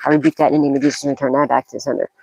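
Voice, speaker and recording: A woman's voice: a bass voice, flat delivery, rapid-fire, vocal fry, noisy background. A woman giving a psychic tarot reading in a casual monologue, blunt and profane, scolding and often bursting into laughter.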